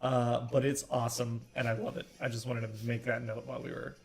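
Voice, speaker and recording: A man's voice: medium pitch, little pitch movement, brisk, creaky. A man co-hosting a casual game commentary, eager and playful as he explains things. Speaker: co-host.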